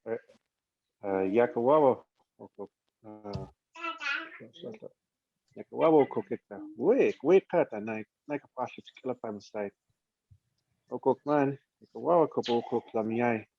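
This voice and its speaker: A man volunteering to read a story aloud in a language class, reading carefully and haltingly. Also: medium pitch, expressive, vocal fry, highs cut off. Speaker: volunteer reader.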